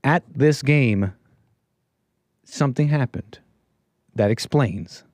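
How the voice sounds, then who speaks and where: Male live-stream host, rambling casual commentator at mid pitch, dry close-mic sound. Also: takes it slowly, darkish tone, no room sound. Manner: rambling, chatty, laughs at his chat, many restarts.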